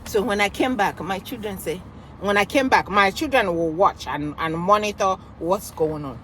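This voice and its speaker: A woman with a Nigerian accent telling a story in an animated vlog monologue, acting out voices and slipping into pidgin. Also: medium pitch, normal speed, a little hiss or hum. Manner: expressive, acts out quoted voices, mixes in pidgin. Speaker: vlogger.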